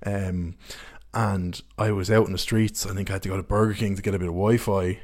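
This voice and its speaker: A man's voice: deep voice, little pitch movement, brisk, a little mellow. Sweary young man telling stories. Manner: candid, sweary, rambling anecdotes. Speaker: podcast host. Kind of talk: casual storytelling chat.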